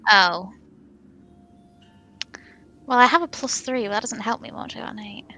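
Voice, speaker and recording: A woman's voice: medium pitch, moderate pace, sharp tone, soft background music. A woman playing in a tabletop game, brash and blunt, swearing freely. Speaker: player.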